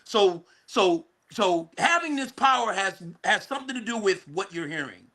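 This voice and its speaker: A man teaching a spiritual class in a lively preaching style, repeating words, restarting phrases and speaking straight to his listeners, sometimes rising to a shout. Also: sits high, moderate pace. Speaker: guest speaker, licensed therapist.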